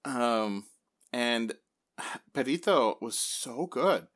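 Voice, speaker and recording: A man hosting a casual spoiler chat about a film, rambling with lots of fillers and lively quoted reactions. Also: medium pitch, very slow. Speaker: podcast host.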